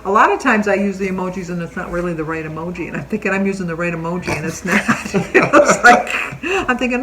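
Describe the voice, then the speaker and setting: A woman's voice: medium pitch, quick pace, few pauses. An older woman chatting casually as host, wandering into long stories and laughing as she goes. Faint noise sits behind her voice. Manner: chatty storyteller, laughs often. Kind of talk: casual chat.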